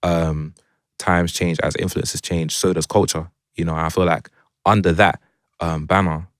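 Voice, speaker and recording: A young man speaks in a low voice, with a London accent touched by a Jamaican twang. He talks in a laid-back, reflective way, often checking in with his listener. The sound is dry and close. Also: little pitch movement, normal speed, dry recording. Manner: reflective, laid-back, heavy with filler phrases. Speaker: guest musician. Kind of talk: casual conversation.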